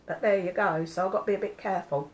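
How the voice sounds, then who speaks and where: A woman's voice: mid-range voice, steady tone, quick pace, rough recording. An older woman, chatting casually to her viewers, homely and rambling. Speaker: vlogger. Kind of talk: casual chat.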